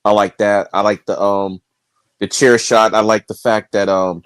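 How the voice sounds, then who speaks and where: A low-voiced man chats loosely about a match as a panel guest, filling his thoughts with ums. His voice sounds dry and close, with no room sound around it. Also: unhurried, clear, resonant tone, dry recording. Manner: relaxed, lots of ums. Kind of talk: casual chat.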